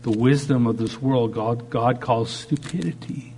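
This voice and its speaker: A man's voice: medium pitch, steady tone, measured pace, warm tone, a little hiss or hum. A man preaching a sermon, shifting dramatically in tone and acting out the voices he quotes. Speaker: pastor.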